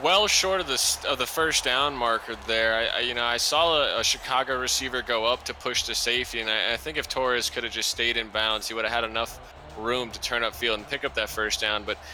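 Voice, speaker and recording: A man's voice: mid-range voice, steady tone, fairly quick, pushed and bright, slight background noise. A man doing color commentary on a simulated football game, talking casually with lots of fillers and restarts. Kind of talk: live esports football commentary.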